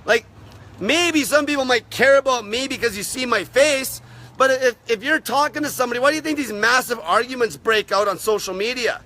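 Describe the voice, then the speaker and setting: A man hosting a live stream, ranting aggressively and swearing constantly, his voice wearing raspy. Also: very high voice, fairly quick, pushed and bright. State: voice getting raspy from talking. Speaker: fasting channel host.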